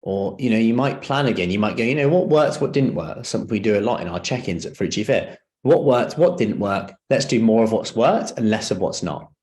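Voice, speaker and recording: A man's voice: on the low side, animated, fairly quick, hardly any pauses, darkish tone. A man leading a live seminar as a personal trainer, talking conversationally and often asking the audience questions.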